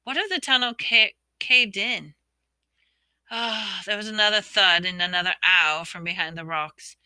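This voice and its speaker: Bright, crisp woman reading a storybook. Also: mid-range voice, measured pace, dry recording. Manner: reads expressively, voicing characters' shouts and whispers. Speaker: audiobook reader.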